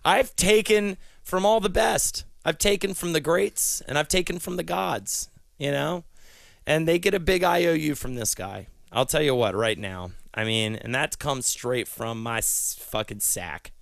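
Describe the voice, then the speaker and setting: A man delivering a rambling, profane comedy monologue, a podcast co-host who swings from low mutters to shouted rhyming rants. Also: measured pace, no room sound. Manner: crude, profane stream-of-consciousness ranting; drops low and gravelly, then shouts and chants in rhymes.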